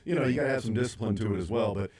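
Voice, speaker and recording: A man with a lowish voice hosts a sports radio show. He chats casually about football with his co-hosts. Now and then he jumps into a quick, animated impression. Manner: animated, acts out quotes in bursts.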